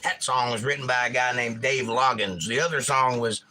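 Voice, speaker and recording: A man hosting a relaxed livestream, reading out viewer comments in a laid-back, murmured way with quick bursts. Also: mid-range voice, a little hiss or hum. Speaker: livestream host and singer-songwriter. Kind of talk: casual chat reading viewer comments aloud. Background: acoustic guitar playing.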